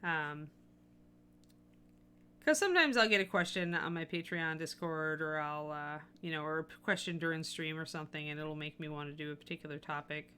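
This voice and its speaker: A woman hosts a relaxed painting stream, thinking aloud as she works and dotting her talk with ums and likes. Her voice sits a little low, with a bright, forceful edge. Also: a little fast, a little hiss or hum. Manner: chatty, thinking aloud with frequent fillers. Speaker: miniature painting stream host. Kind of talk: casual live-stream tutorial talk.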